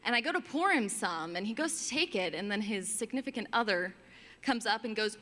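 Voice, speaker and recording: Young woman, stand-up comedy, lively swooping pitch, bright edge, long hall reverb. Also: fairly quick. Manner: animated, acts out customers in high exasperated voices. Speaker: stand-up comic.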